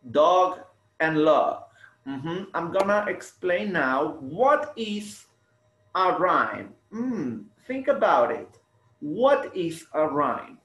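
A man teaching a slow English lesson to young students, stretching words out and repeating them for the class to copy. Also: fairly high pitch, a bit bright. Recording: echoey room.

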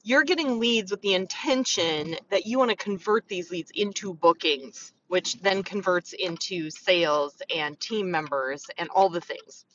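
A woman vlogging casual, frank business advice as a beauty consultant, talking chattily and acting out customers in quick asides. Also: lowish voice, a bit bright, far from the mic, muffled recording, slight background noise. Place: in a car on the way to set up.

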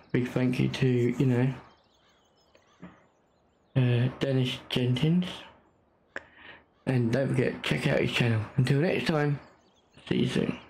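A man's voice: mid-range voice, creaky, roomy sound, a little hiss or hum. A man with an English accent giving casual gameplay commentary, grumbling and exasperated as he talks. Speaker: gaming channel host.

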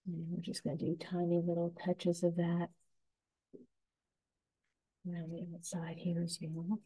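Woman, painting instructor, low mellow voice, calm and gentle guidance. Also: breathy edge, low-quality recording. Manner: gentle, soothing, unhurried instruction. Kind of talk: step-by-step painting tutorial.

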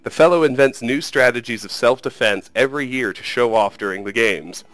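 A man voicing a huge, jovial war chief who talks in a hearty, rumbling way. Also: brisk, a bit bright, dry recording, close to an everyday voice.

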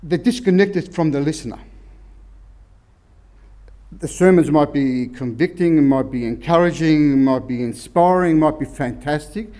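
A man's voice: fairly high pitch, a little slow, mellow. A man preaching an informal, rambling sermon and often restarting his sentences. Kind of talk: conversational sermon.

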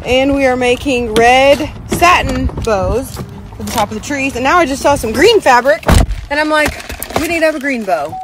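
A woman, talking casually and excitedly to her phone camera as she shops in a fabric store. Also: high-pitched, moderate pace, noisy background. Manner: chatty, excitable, says "y'all" and "freaking". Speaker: vlogger. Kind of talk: casual vlog narration. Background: background music.

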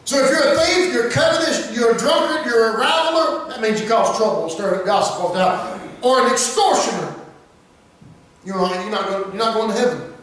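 A man preaches with fervor, his high voice leaping up in loud cries and then dropping to hushed asides. He sounds distant from the mic, and a heavy church echo rings around every phrase. A faint hum of room noise sits underneath. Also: fairly quick. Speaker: pastor. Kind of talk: sermon. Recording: echoey church room miked from far off.

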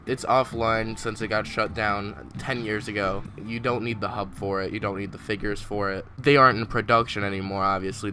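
A man doing casual let's-play commentary, excitable and trash-talking, swearing at the game as he plays. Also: fairly low pitch. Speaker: gameplay commentator.

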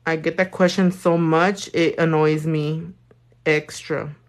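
A woman's voice: deep voice, flat delivery, takes it slowly. A woman doing nails while talking casually to a live audience, blunt and profane, full of slang. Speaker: nail artist.

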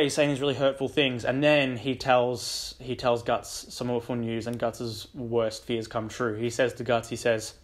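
A young man hosting a book channel, casually recapping a story in a rambling way full of ums and likes. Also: medium pitch. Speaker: book discussion channel host.

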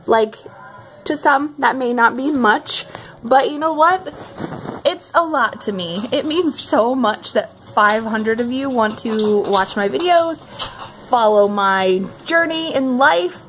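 Young woman, slightly high voice, chatty, giggly, casual home vlog, handheld phone. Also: takes it slowly, slight background noise. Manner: chatty, giggly, many fillers. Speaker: vlogger. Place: her home, indoors. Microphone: handheld phone camera.

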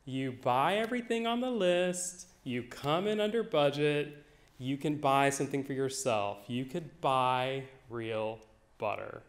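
A man voicing his weary, fond mother, sighing and gently dismissive, in a live story. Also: mid-range voice, animated, unhurried. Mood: matter-of-fact. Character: weary, fond 1970s mother, small woman. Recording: echoey live venue.

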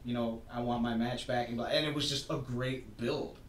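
A man co-hosting a casual podcast, retelling a story with animated energy and acting out the lines he quotes. His voice sits in a roomy space, a little away from the mic. Faint ambience hums behind him. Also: mid-range voice, moderate pace, far from the mic, a little hiss or hum. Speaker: podcast co-host. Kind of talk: casual wrestling chat.

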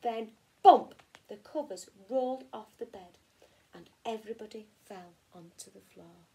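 A woman teacher from England reading a children's picture book aloud in an expressive storytelling way. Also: medium pitch, a little slow. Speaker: primary school teacher.

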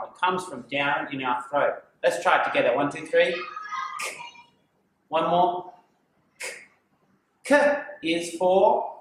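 A man's voice: a little high, fairly bright tone, a little hiss or hum. A man, a kindergarten teacher, reading a picture book to small children in a playful, exaggerated sing-song voice. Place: empty kindergarten classroom. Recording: echoey room.

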